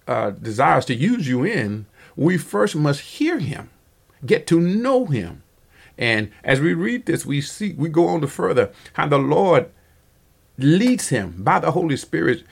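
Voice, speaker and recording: A man preaching a Bible-study sermon as pastor, with a halting delivery full of fillers and self-corrections, growing earnest when he urges his listeners on. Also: mid-range voice, gravelly. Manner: earnest, rising emphasis on exhortations.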